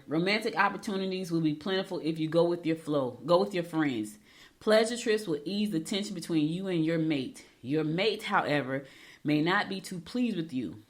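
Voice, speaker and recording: A middle-aged woman hosting a horoscope segment, giving chatty advice and telling quick storytelling asides. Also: low voice. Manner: talks fast when excited. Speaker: radio show host. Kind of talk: casual horoscope segment with chat.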